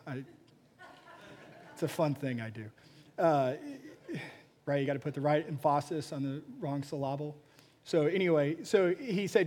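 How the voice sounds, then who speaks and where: A pastor preaching a sermon, telling a story with frequent restarts and repeated words. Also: male voice, fairly high pitch, brisk, a little mellow.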